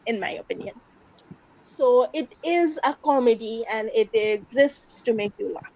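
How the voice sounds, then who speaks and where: A woman's voice: fairly high pitch, no echo. A woman with a Bangladeshi English accent giving a university English lecture, explaining steadily with occasional filler ums. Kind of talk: recorded classroom lecture. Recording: dull lo-fi lecture recording.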